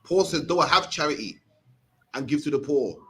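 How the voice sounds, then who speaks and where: A man's voice: fairly high pitch, lively intonation, a little fast, sharp tone. A young man with a Birmingham accent teaching a scripture class in a streetwise, conversational way, often ending phrases with "man". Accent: Birmingham English.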